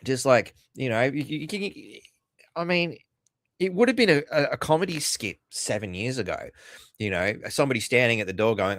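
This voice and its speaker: A man's voice: mid-range voice, lively intonation, moderate pace, a bit bright, no room sound. A man hosting a podcast, rambling and sarcastic with frequent swearing and fillers. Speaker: podcast host. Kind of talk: casual commentary.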